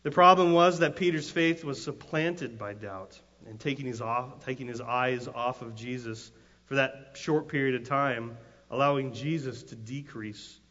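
With a mid-range, fairly bright voice, a man delivers a sermon as a pastor, drifting conversationally through a story and often restarting, then climbing to fervent, emphatic cries. The sound is dull and lo-fi, with long reverb from the hall.

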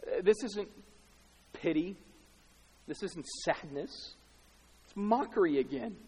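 Male preacher, high voice, dramatic hushed-to-shouting sermon delivery, long hall echo. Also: animated, slow pace, husky.

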